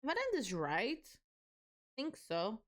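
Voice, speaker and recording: Building a set on a live stream, a young woman from Portugal talks with her chat in a Portuguese accent. She speaks slowly in a fairly high voice, chatty and animated as she responds to what viewers write.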